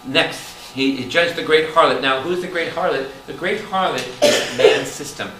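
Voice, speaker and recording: A man preaching a Bible study in a church hall, animated and quizzing his listeners. He sounds distant from the mic, and the roomy space carries plenty of echo. A steady noise sits under his voice. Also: fairly high pitch, normal speed. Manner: animated, calls out questions to the room. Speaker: priest teaching Bible study. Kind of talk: lively preaching to a congregation.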